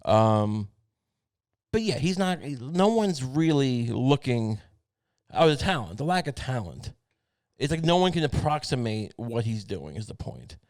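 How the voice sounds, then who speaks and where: A man's voice: mid-range voice, sing-song, unhurried, darkish tone, no room sound, studio quality. A man hosting a comedy podcast, ranting in a profane, rambling way full of restarts. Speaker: podcast host. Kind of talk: casual comedic rant.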